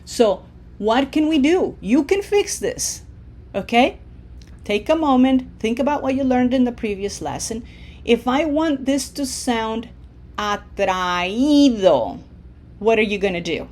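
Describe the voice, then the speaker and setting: Slow, patient woman teaching a lesson. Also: on the high side, animated, darkish tone. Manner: patient, explains step by step, frequent "okay?" check-ins. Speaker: Spanish teacher. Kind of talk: online language lesson.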